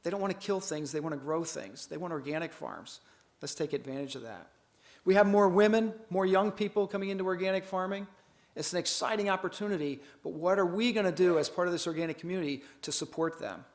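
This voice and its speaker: A man's voice: sits high, fast talker. Folksy man giving a keynote. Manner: folksy, animated, acts out dialogue. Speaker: keynote speaker. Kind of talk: conference keynote storytelling.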